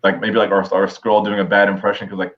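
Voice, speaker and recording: A man co-hosting a casual podcast, rambling and excitable, filling his talk with "like". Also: lowish voice, fast talker, dull audio. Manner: rambling, lots of "like" fillers, excitable. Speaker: podcast co-host. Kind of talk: casual pop-culture discussion.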